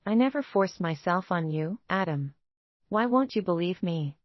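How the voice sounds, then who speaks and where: A woman's voice: fairly low pitch, animated, normal speed, no room sound, highs cut off. A woman voicing a wounded young wife and secretary who pleads with her husband. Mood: pleading.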